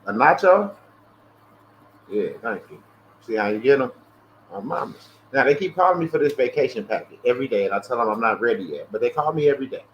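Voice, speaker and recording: A man hosting a casual livestream, ranting in an animated, profane way and acting out both sides of phone calls. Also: medium pitch, fast. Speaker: livestream host. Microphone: earpiece or headset. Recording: dull lo-fi stream audio with faint hiss.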